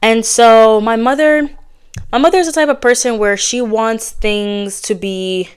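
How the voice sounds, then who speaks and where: A woman hosting her own podcast in a candid, casual chat, talking fast and bluntly with slang and sounding a little out of breath. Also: on the high side, smooth. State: slightly out of breath. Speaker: podcast host.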